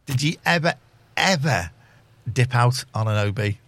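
A man hosting a casual radio chat, teasing his guest and telling animated stories. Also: mid-range voice, normal speed, no echo. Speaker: radio host.

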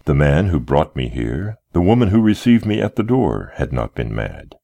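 A man reading a first-person literary story aloud with expressive storytelling. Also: very deep voice, normal speed, creaky. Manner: expressive storytelling, wide melodic swings. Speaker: audiobook narrator.

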